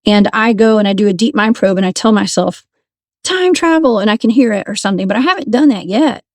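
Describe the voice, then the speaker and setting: A woman, a paranormal investigator telling her stories as a guest in a casual, animated way. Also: mid-range voice, fast, no echo. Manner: animated, laughs often, restarts sentences. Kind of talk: casual storytelling.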